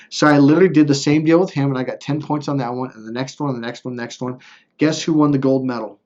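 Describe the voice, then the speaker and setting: A fast-talking motivational speaker with a mid-range, darkish voice keeps a steady tone on a muffled recording. Recounting a personal story, he rambles through restarts, swears freely, and checks in with "right?" over and over.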